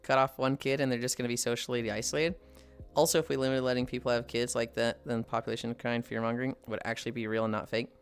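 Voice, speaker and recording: A woman's voice: extremely low pitch, flat delivery, fast talker, clear, resonant tone, faint music behind. A woman streaming live while on a walk, chatting bluntly with friends and reading chat aloud. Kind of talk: casual livestream chat while walking.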